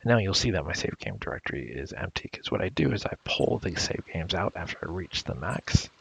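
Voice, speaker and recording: Gravelly deep-voiced game commentator man. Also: big pitch swings, fairly quick. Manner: chatty, playfully paraphrasing dialogue. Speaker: let's play commentator. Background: game music.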